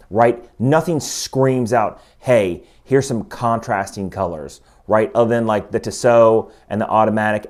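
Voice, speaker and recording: A man talking casually through a watch review, explaining each step and getting more excited as he goes. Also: on the low side. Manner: chatty, enthusiastic, explains step by step.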